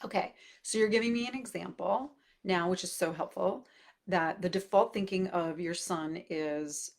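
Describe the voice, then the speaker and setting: A woman's voice: fairly low pitch, normal speed, creaky. A middle-aged woman, a parenting coach, talking casually and thoughtfully, with fillers and restarts, as she answers a question. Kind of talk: casual advice talk answering viewer questions.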